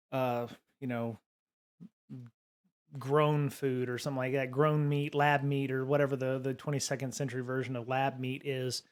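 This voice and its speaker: A man's voice: mid-range voice, clean tone. A man hosting a live-stream podcast, talking casually and musing aloud in a rambling way.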